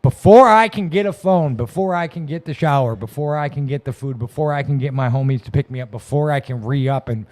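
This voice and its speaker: Man telling a rough story, profane. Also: mid-range voice, brisk, hardly any pauses, a little mellow. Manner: rambling, profane, frequent restarts. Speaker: podcast guest sharing recovery story. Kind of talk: casual storytelling. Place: podcast room.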